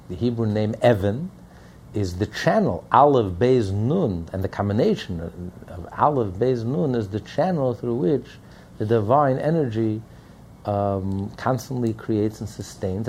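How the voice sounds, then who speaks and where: A man's voice: fairly low pitch, mellow, a little hiss or hum. A man teaching a Hasidic text in a lecture, repeating points and asking rhetorical questions. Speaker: Torah teacher.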